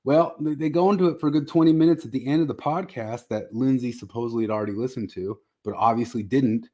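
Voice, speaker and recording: Male podcast co-host, mid-pitch, ranting and mocking. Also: fast talker, warm tone. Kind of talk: casual podcast chat.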